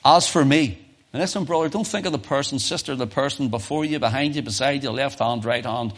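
A pastor preaches a sermon at a church service at a quick pace, swinging between loud emphasis and soft, low asides. He often repeats and restarts his phrases.

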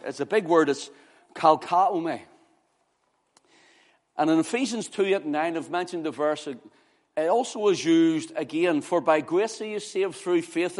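A man preaching an impassioned sermon, swinging from loud exclamations to hushed words. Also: fairly high pitch.

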